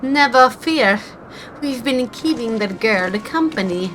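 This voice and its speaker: A woman voicing a gruff sky pirate crewman who talks in salty sailor slang. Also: a little high, animated, slow pace, a bit bright, soft background music. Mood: hearty.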